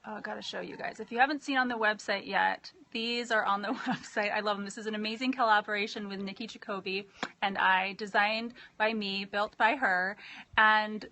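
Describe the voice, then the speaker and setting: A woman's voice: mid-range voice, fairly even intonation, fairly quick, pushed and bright, slight background noise. A woman hosting a live online circle, gushing and spiritual, chatting to viewers and reading out their comments. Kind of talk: live video stream chat.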